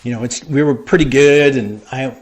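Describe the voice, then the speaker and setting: Middle-aged guy rambling thru an old work story, lots of ums and you-knows, average pitch. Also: moderate pace. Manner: rambling, animated anecdote telling with many fillers. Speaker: interview guest, wrestling creative. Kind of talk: casual storytelling interview.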